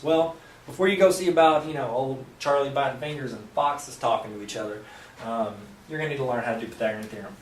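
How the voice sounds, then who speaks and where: A man's voice: mid-range voice, fast talker, a little hiss or hum. A man teaching a math lesson at a whiteboard, explaining steps while cracking playful jokes and asides to the viewer. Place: room with a whiteboard. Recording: roomy, mic at a distance.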